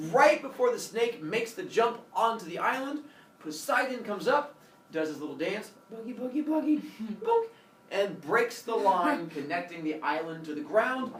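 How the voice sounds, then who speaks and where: A man's voice: high voice, slight background noise. A man telling a Greek myth as a comic classroom lesson, doing silly voices for the characters. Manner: animated, does silly voices for each character. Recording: echoey room from far off, faint ambience.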